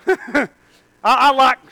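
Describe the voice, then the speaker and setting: A man preaching a fervent sermon to his church, repeating calls like a refrain and breaking into shouts. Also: very high voice, steady tone, very slow, gravelly. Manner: fervent, repetitive call-and-response preaching, bursts of shouting. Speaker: pastor.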